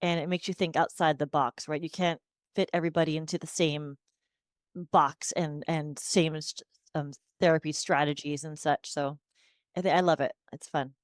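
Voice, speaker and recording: A woman in her forties speaks in a low, steady voice at a moderate pace, recorded dry with clean studio sound. She's a speech-language pathologist appearing as a podcast guest in a casual interview, and she slips into a sing-song tone when she models how to talk to children.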